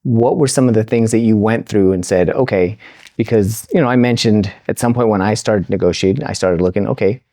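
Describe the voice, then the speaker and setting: A man's voice: on the low side, brisk, warm tone, no echo. A male podcast host asking long, rambling questions with many restarts. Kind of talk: interview questions. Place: Las Vegas.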